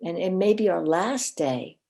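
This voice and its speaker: A woman's voice: lowish voice, measured pace, vocal fry. A woman guest on a podcast, a coach and minister, telling personal stories earnestly and animatedly, often repeating words as she goes. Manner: earnest, animated storyteller with frequent word repeats. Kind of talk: personal storytelling in a podcast interview.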